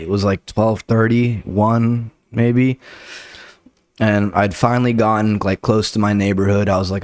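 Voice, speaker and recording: A man's voice: fairly low pitch, darkish tone, dry recording, clean studio sound. A young man, a comedian hosting his podcast, telling rambling, profane stories and acting out the people in them. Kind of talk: casual solo storytelling. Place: Los Angeles area.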